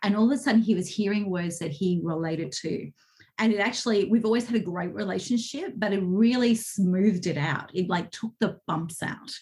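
Woman, guest coach, casual interview, animated storytelling. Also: mid-range voice, normal speed. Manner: animated storytelling with laughs and acted quotes.

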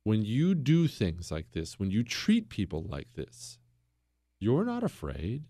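A man's voice: fairly low pitch, wildly swooping pitch, takes it slowly, mellow, dry recording, clean studio sound. A male talk show host delivering a fiery, opinionated monologue, hammering his points and repeating phrases for punch.

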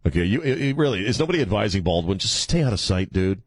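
A man's voice: fairly low pitch, very animated, fast talker, slightly rough, dry recording. A man hosting call-in talk radio from a studio, with mocking, irreverent banter and frequent laughs. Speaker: radio talk show host. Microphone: studio microphone.

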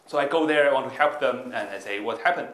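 Bright-voiced man telling a halting anecdote. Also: mid-range voice, echoey room. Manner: halting, non-native English with many fillers and restarts. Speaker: stand-up comedian guest.

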